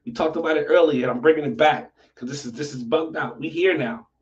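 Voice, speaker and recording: Guy w/ a high voice hosting a stream, swears a lot, aave, sounds far from a muffled mic. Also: quick pace. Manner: profane, animated, talks to viewers. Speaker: livestream host. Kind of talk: casual livestream commentary. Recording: dull lo-fi audio from off-mic.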